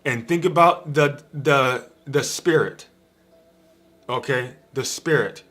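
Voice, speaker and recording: A man's voice: medium pitch, takes it slowly, fairly bright tone, faint music behind. A man giving an informal spiritual teaching on a live stream from a room at home, repetitive and emphatic, speaking straight to his viewers. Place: home room with a dog bed in the corner.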